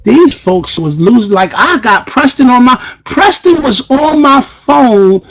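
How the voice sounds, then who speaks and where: A man giving a fiery motivational speech to an audience, preacher-like, firing repeated rhetorical questions and breaking into shouts. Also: very high-pitched, very animated, a little slow, rough recording. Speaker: motivational speaker at a sales event.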